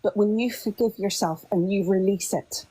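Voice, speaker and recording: A woman guest speaking as a spiritual teacher in slow, measured, soothing phrases. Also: medium pitch, dark tone, husky, poor audio.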